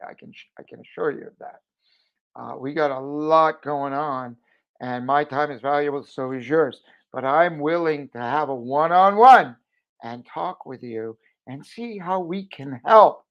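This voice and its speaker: Man, middle-aged, promotional pep talk, emphatic and exhorting, loud-to-hushed swings, muffled lo-fi audio. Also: on the high side, a little slow. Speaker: jewelry business owner. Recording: dull lo-fi audio.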